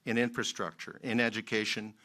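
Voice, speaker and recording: A man from Manitoba, a member of Parliament, giving a formal ceremonial speech in a measured, emphatic way with many pauses. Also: lowish voice, flat delivery, pushed and bright. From Manitoba, Canada.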